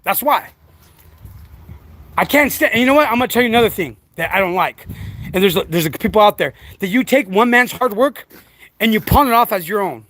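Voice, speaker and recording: A man's voice: high voice, animated, fairly quick, fairly bright tone. A man talking casually to camera about raising his dogs, rambling and preachy, with many restarts and fillers, outdoors. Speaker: dog breeder.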